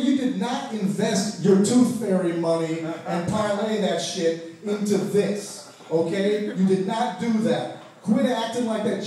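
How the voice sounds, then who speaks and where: A man's voice: sits high, dark tone. A man from Ohio doing a crude, profane stand-up set on a comedy club stage, putting on mocking voices for the people in his jokes. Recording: very echoey club audio from far off.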